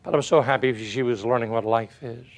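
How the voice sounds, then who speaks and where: An older man gives a motivational speech, telling folksy stories and asking rhetorical questions as he swings from loud to hushed. His voice is medium-pitched and he talks fast.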